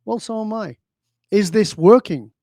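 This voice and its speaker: A man's voice: sits high, measured pace, darkish tone, no room sound. Emphatic man telling stories, dry sound. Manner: emphatic storyteller, rhetorical questions. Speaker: guest, leadership speaker. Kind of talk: conversational interview.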